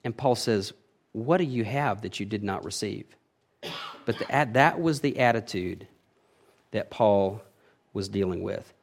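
A man's voice: lowish voice, measured pace, gravelly, long pauses, a little hiss or hum. A man preaching an expository sermon, reading verses aloud and explaining them with emphatic swells and frequent restarts. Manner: emphatic, rising and falling in loudness, self-correcting restarts. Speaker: pastor.

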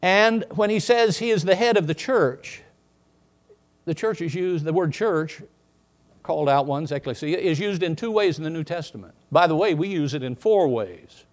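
A man preaching a sermon, swinging from quiet asides to emphatic, rising bursts. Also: a little high, expressive, moderate pace. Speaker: pastor.

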